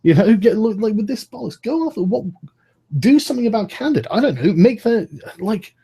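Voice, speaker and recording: A man's voice: sits high, animated, fairly quick, creaky, mellow, slightly rough. A man in his thirties, ranting heatedly in a live-stream debate over a video call, swearing often and breaking off his own sentences. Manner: swears a lot, rants, interrupts himself.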